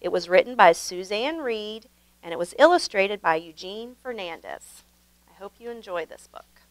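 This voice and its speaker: A woman hosting her channel and reading a children's picture book aloud in a gentle, expressive way. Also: medium pitch, normal speed, no echo, rough recording. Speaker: storybook reader, channel host.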